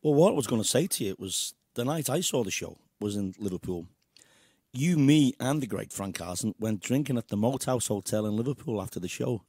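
A man's voice: mid-range voice, lively intonation, a little fast, a little mellow, breathy edge, dry recording, studio quality. A man hosting an interview, chatting and reminiscing with his guest. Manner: reminiscing, friendly banter. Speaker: interviewer, host. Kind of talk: casual interview chat.

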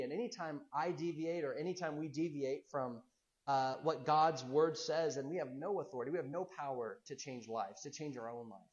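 A man's voice: a little high, a little mellow, lo-fi sound. A man preaching a sermon as pastor, earnest, asking rhetorical questions and repeating himself as he builds a point.

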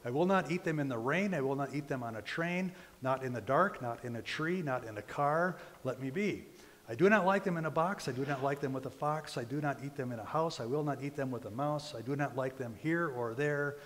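A man's voice: medium pitch, brisk, fairly bright tone, close to an everyday voice. A stubborn, grumpy character who turns down a strange dish again and again, as a preacher reads him aloud. The man's lines bounce along in a sing-song rhyme, and his voice rings out in a church hall with a long reverb. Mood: stubborn refusal. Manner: sing-song rhyming recitation. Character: stubborn grumpy man refusing food.

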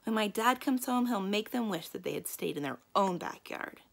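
A woman's voice: mid-range voice, lively intonation, normal speed, creaky, pitched above the performer's own voice. A woman voicing an indignant little girl. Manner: indignant, complaining. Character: upset fourth-grade girl.

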